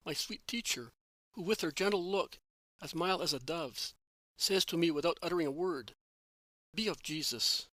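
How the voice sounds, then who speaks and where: A man's voice: fairly high pitch, pushed and bright, no echo, exaggerated voice, poor audio. A man reading the part of an earnest young male disciple who pleads and asks searching, heartfelt questions.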